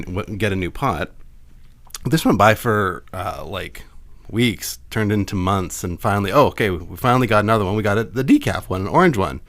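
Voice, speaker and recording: A man's voice: sits low, fairly bright tone, no room sound. A man co-hosting a podcast in casual comedic chat, telling stories and laughing at puns. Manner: laughing, storytelling, playful puns. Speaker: podcast co-host.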